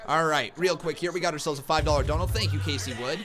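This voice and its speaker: A man hosting a live wrestling reaction stream, calling the action like an excitable commentator and chatting with viewers. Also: a little high, quick pace, music in the background.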